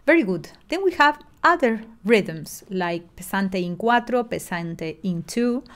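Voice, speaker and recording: A middle-aged woman, a music lecturer, delivers an online lesson in an expressive, unhurried mid-range voice. She is patient and explanatory, with frequent fillers and many restarts.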